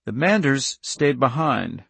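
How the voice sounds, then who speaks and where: A man's voice: mid-range voice, very animated, slow, vocal fry, fairly bright tone, breathy edge, no room sound. Man narrating a tense audiobook.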